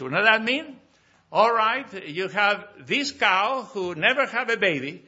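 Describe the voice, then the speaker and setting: A man from South America preaches a sermon, reading scripture in a slow, lifted voice and then breaking into quick, broken-English asides and stories. His voice sits high and bright with a husky grain. The recording is muffled and lo-fi. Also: animated. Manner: non-native grammar and frequent restarts. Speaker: pastor.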